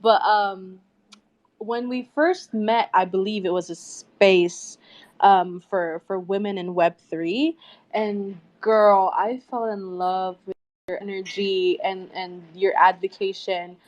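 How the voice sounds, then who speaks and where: Woman guest, chatty and effusive, ordinary pitch. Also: steady tone, slow pace, a little mellow. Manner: chatty, effusive, self-conscious about her accent. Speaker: audience speaker. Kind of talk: casual live audio chat.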